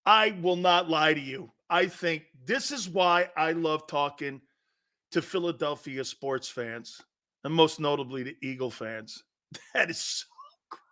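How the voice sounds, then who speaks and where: A man's voice: a little high, a little slow, bright, forceful tone. A middle-aged man hosting a sports talk show, riffing in a brash, profane, joking way and laughing often.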